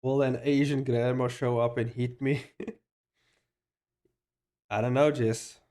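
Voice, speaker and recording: A man's voice: mid-range voice, steady tone, slow, mellow. A man chatting casually to his livestream viewers, rambling, laughing often and swearing freely. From South Africa. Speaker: streamer.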